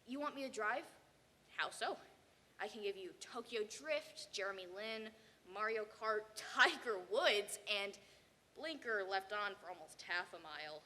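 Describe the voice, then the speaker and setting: A teenage girl giving a theatrical competition performance, swinging between hushed and shouted lines. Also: medium pitch, lively intonation, moderate pace, big-room sound. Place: banquet hall.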